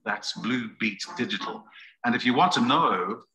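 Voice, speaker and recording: A man playing a smug tech entrepreneur in a promo video, pitching with confidence. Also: moderate pace, sharp tone, natural voice, rough recording. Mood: confident. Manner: confident, sales-pitch delivery. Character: smug male tech entrepreneur under questioning. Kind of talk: promo video role-play.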